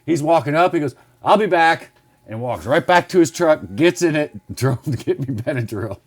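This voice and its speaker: A man in casual chat telling a story in an animated, profane way. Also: on the high side, brisk. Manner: animated, profane anecdote teller.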